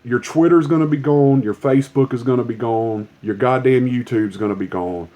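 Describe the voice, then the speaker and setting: A man's voice: medium pitch, moderate pace, highs cut off. A man delivering a heated, profane political rant straight to his viewers. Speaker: commentator.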